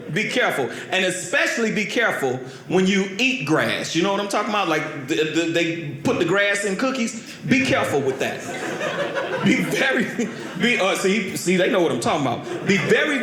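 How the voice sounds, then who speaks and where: Man doing stand-up, somewhat high voice, stories veer from loud yelps to low mutters; roomy club sound. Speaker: stand-up comedian. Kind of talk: stand-up comedy routine. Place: comedy club stage. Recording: roomy live stage sound with crowd. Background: laughing audience.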